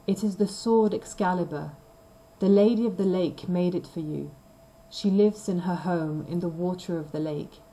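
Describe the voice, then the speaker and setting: A woman reading the lines of a wise old male wizard in a storybook reading, calm and instructive. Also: fairly low pitch, moderate pace, close to an everyday voice, poor audio.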